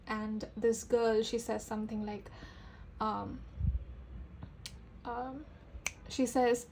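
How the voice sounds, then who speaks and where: A woman giving a casual tarot reading straight to her viewers, chatty and full of fillers, her voice rising as she gets excited. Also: mid-range voice, normal speed, a little hiss or hum, rough recording. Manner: excitable, voice rises with enthusiasm. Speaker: tarot reader.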